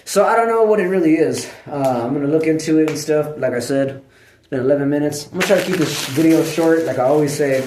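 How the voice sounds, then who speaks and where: A man vlogging in casual chat, rambling and swearing, full of filler words and frequent throat clearing. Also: fairly high pitch, quick pace, noisy background. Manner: clears his throat often. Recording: echoey room.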